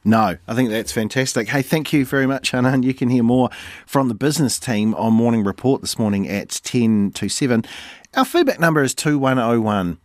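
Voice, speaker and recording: Jokey New radio host. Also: male voice, mid-range voice, lively intonation, fairly quick, dry recording, clean studio sound. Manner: jokey, chatty, reads figures aloud. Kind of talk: casual morning radio banter.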